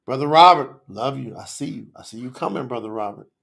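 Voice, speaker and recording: A man hosting a live faith-community stream, talking passionately and excitably to viewers and calling out people by name. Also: medium pitch, brisk, gravelly. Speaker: livestream host. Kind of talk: lively livestream talk to chat viewers.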